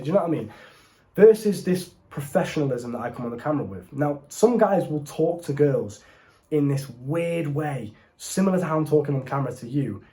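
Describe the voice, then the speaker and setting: Here a young man sits indoors facing the camera and hands out dating advice as a coach, bluntly and casually, addressing the viewer as bro. His voice is medium in pitch and mellow.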